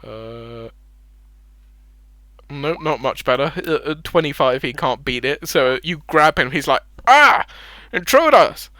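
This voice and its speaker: A man's voice: medium pitch, a little slow, pushed and bright, no echo. A man narrating a tabletop heist as game master, easygoing and chuckling, often trailing off into fillers. The sound is dry and close, with no room around it.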